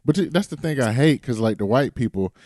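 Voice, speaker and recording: A man co-hosting a podcast in casual chat, emphatic and ranting, with bursts of loud high exclamations. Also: animated, brisk, no echo, studio quality. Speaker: podcast co-host.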